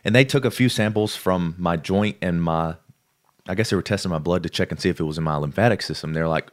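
A man's voice: sits low, fast. A man, a podcast guest, telling a story in casual talk and acting out the people he quotes. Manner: lively, acts out the people he quotes.

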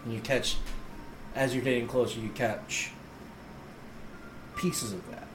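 A man narrating as game master of a tabletop game, describing scenes in a measured way. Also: medium pitch, steady tone, reverberant, noisy background.

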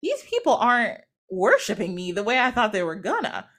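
A woman's voice: on the low side, expressive, brisk. A woman voicing a vain, easily annoyed male creator god who talks in petulant, casual modern slang. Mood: indignant.

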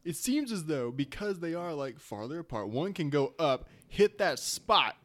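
A man's voice: a little high, sing-song, moderate pace, noisy background. A man co-hosting a podcast, chatting casually and bluntly, swearing freely. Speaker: podcast co-host. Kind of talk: casual chat.

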